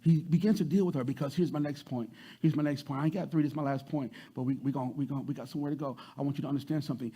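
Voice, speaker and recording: A man pastor preaching a sermon, repeating words and swinging from loud to soft. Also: medium pitch, fairly even intonation, racing, few pauses, slightly rough.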